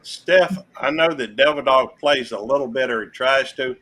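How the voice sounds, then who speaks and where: A man's voice: medium pitch, moderate pace, a bit bright, rough recording. A man chatting casually on a video call live stream, teasing others dryly. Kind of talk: casual chat.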